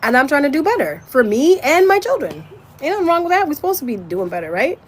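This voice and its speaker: Brief: woman host, higher voice, frank, swears, loose spiritual chat. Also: quick pace. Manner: candid and animated, swears freely, laughs and breaks into song. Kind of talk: casual monologue.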